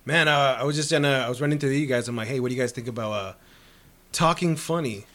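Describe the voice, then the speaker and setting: A man's voice: mid-range voice, steady tone, racing, a bit bright. A man chatting casually on a podcast in a laid-back, joking way. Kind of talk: casual comedic chat. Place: podcast studio.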